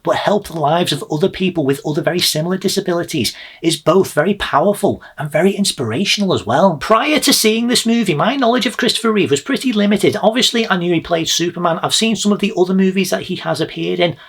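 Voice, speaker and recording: A man from the United Kingdom giving an earnest, measured film review as host of his own channel. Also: high voice, slightly rough.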